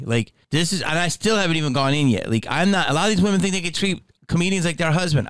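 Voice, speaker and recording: A man's voice: fairly high pitch, quick pace, hardly any pauses, fairly bright tone, smooth, no echo. Man, podcast host, blunt, cursing, rambling opinions, dry close sound. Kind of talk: podcast commentary.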